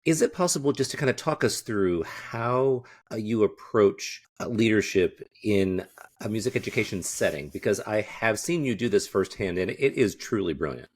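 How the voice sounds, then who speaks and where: Low-voiced podcast host man. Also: expressive, normal speed. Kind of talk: casual interview chat.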